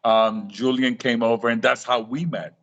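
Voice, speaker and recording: His medium-pitched voice stays steady and a bit bright at normal speed, heard over lo-fi sound. The middle-aged man is a reef aquarium author guesting on a live talk show, storytelling with acted-out quotes and many restarted sentences.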